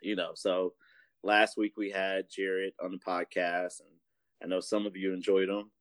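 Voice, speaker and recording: A man's voice: sits low, moderate pace, no echo. A man co-hosting a casual podcast, telling a story with lots of laughter. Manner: animated storytelling, laughs often, does voices in anecdotes. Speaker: podcast co-host.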